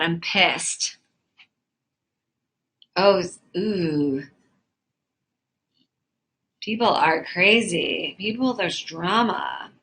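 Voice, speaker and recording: A woman hosting a live webcam chat room from home, talking straight into her phone or webcam. She reads out viewer messages and chats back in a flirty, easily flustered way. Her voice is bright with a sharp edge, at a middle pitch. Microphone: phone or webcam mic.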